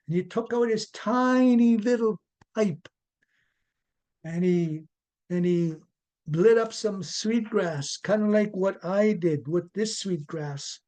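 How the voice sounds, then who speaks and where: A man telling a traditional story to an audience, deliberate and explaining native words as he goes. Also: high-pitched, a little mellow. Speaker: storyteller and educator.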